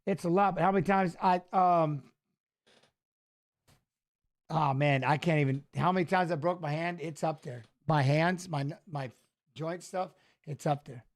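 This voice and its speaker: Middle-aged ex-fighter guy, kinda high voice, rambly casual storytelling over a fight stream. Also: a little slow, long pauses. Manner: loose, rambling storytelling with restarts. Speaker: former fighter and guest commentator. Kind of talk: casual watch-along fight commentary.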